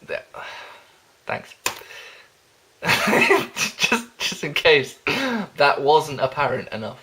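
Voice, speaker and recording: A man's voice: on the high side, takes it slowly. Giggly rambling young man. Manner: giggly, rambling, deadpan asides. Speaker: vlogger. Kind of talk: jokey self-introduction reading.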